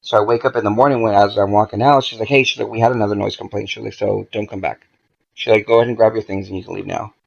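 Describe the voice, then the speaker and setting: Guy with a low gravelly voice swearing his way through a story, kinda muffled lo-fi sound. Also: fast talker. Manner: profane, animated, acts out quoted dialogue. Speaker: podcast guest. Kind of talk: casual storytelling.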